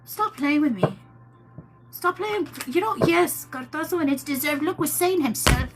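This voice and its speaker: A woman's voice: high-pitched, lively intonation, normal speed, over music. A woman hosting a live tarot stream, talking casually with viewers in a chatty, teasing way and calling them "my love.".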